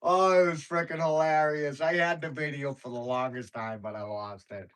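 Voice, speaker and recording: A man's voice: on the high side, steady tone, normal speed, fairly bright tone, clear, resonant tone, poor audio. A man hosting a livestream, casually chatting with viewers and telling rambling stories with slangy speech and frequent laughs. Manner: rambling, storytelling, laughs often. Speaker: livestream host.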